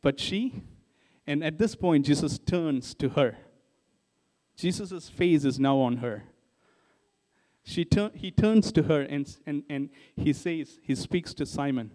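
High-pitched male preacher, chatty storytelling sermon, reverberant hall. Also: lively intonation, takes it slowly, warm tone. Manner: storytelling, addresses listeners as guys.

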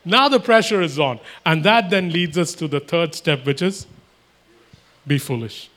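Male preacher, voice on the higher side, emphatic, sermon delivery. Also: lively intonation, a little slow, fairly bright tone. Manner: emphatic, repetitive, voices imagined exchanges.

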